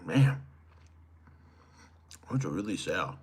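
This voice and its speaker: A man's voice: sits low, very animated, takes it slowly, slightly rough. A man hosting a solo livestream, reading viewer chats aloud and answering them with crude joking banter that sometimes trails off into mumbles. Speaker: podcast host.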